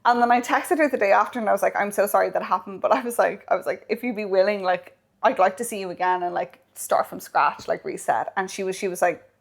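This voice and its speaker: Animated storytelling woman podcaster. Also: mid-range voice, quick pace, vocal fry. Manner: animated, acts out quoted lines, swears casually. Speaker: podcast co-host. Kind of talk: casual storytelling chat.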